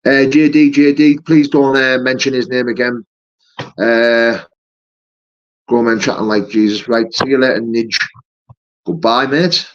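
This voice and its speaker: Matey fighter on a live stream. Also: male voice, mid-range voice, steady tone, unhurried, long pauses, muffled recording. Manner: matey, peppers talk with "mate" and "you know". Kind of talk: casual live-stream chat, answering viewer comments.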